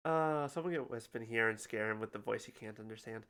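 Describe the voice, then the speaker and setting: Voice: mid-range voice, fairly quick, few pauses, fairly bright tone, clean tone. A streamer giving casual, sarcastic running commentary on a game, swearing freely. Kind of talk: casual gaming livestream commentary.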